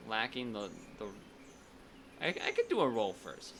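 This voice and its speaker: A man's voice: medium pitch, wildly swooping pitch, measured pace, fairly bright tone, slight background noise. A man streaming a strategy game, chatting casually and thinking aloud, often restarting his sentences. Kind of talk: casual gameplay commentary.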